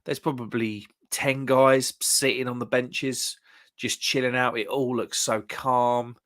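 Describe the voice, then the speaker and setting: A British man in relaxed live-stream chat, talking at a middling pitch. He is chatty and easygoing. He reads viewers' comments aloud and chuckles often as he goes. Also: takes it slowly.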